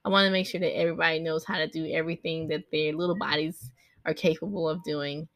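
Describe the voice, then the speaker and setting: A woman in her thirties talks in a casual, rambling way about her family, often breaking off to speak to her children. Her voice is bright with a slightly gravelly edge. The sound is dry and close. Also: deep voice, level tone, quick pace, dry recording. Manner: rambling and chatty, breaks off to direct her kids. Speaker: mother recording a podcast vlog. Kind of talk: casual personal chat.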